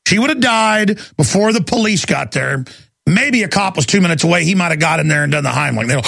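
A man, hosting a talk radio show and ranting heatedly, with fast bursts and repeated words. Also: fairly high pitch, expressive, vocal fry, a bit bright, dry recording, clean studio sound. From Texas.

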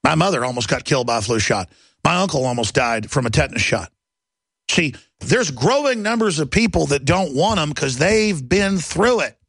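A man hosting a talk show, delivering a heated, mocking rant and mimicking others in shrill voices. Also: big pitch swings, normal speed, vocal fry, fairly bright tone, husky, no echo.

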